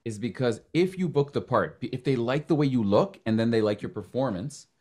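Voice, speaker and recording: A man's voice: mid-range voice, expressive, a little fast, darkish tone. A man hosting a podcast in a casual, joking chat who swears freely. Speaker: podcast host.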